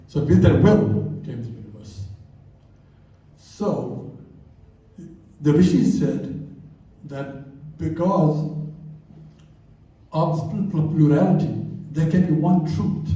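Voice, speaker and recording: Older male speaker, mellow, unhurried storyteller; distant mic in a very roomy hall. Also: on the high side. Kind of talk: talk to a live audience. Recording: very echoey hall, voice from far off.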